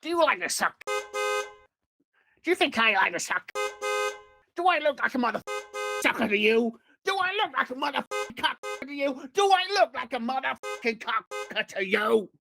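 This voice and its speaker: Brief: high, gravelly, sharp-edged mobster voice, menacing and foul-mouthed, put on by a man. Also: expressive, normal speed, full character voice. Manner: aggressive, swearing, confrontational questions.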